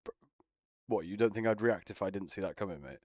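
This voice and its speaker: A man's voice: on the low side, fast talker, darkish tone, no echo, clean studio sound. A young man bantering casually with friends as a streamer, teasing, swearing and laughing often.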